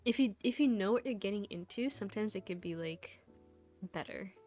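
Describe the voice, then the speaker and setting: A woman's voice: mid-range voice, animated, fairly quick, a little mellow, soft background music. A woman VTuber chatting casually to her stream viewers, rambling through a story with lots of laughs and fillers.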